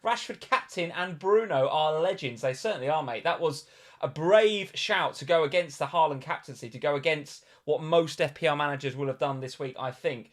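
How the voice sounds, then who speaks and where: A man co-hosting a live stream about fantasy football, animated and given to repeating his exclamations. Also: a little high, normal speed. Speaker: podcast co-host.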